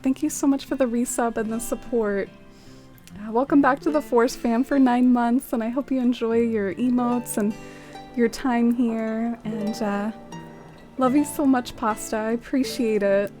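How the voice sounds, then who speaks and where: A woman's voice: fairly high pitch, a little mellow. A woman streaming a game, chatting casually, greeting viewers by name and using lots of "like". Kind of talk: casual live-stream chat.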